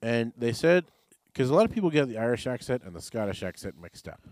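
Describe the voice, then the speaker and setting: A man's voice: mid-range voice, sing-song, fast talker, darkish tone, dry recording. A man hosting a podcast in casual chat, rambling and offhand with jokes. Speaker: podcast host.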